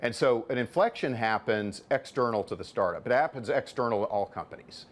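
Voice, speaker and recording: A man's voice: mid-range voice, a little fast. A middle-aged man, a venture capitalist and author, answering interview questions in an explanatory way, often repeating words as he builds a point.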